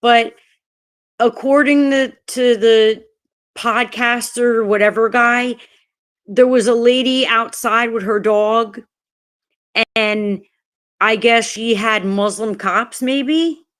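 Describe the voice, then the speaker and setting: A woman's voice: a little high, fairly even intonation, slow pace, a bit bright, smooth. A woman live-streaming a heated, profane rant, talking bluntly and breaking off to greet chat viewers by name. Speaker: livestreamer.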